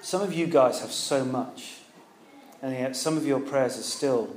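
A man's voice: mid-range voice, measured pace, slight background noise. A British man preaching a sermon in a conversational way, asking his listeners rhetorical questions. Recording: echoey room with faint ambience.

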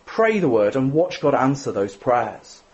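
Chatty male preacher, lively pitch. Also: measured pace, dull audio. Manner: conversational, self-deprecating, with tag questions. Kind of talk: sermon.

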